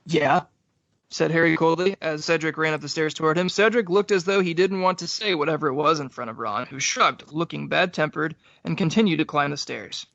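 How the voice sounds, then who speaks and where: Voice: mid-range voice, brisk, gravelly, no echo, lo-fi sound. A co-host of a book podcast, reading narration aloud from a novel and joking between passages. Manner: reads narration, jokey and excitable.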